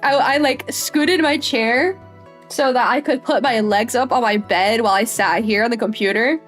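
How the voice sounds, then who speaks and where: A woman streaming a game in a casual, giggly way, chatting to viewers and to her dog. Her voice sits somewhat high. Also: normal speed, fairly bright tone, soft background music.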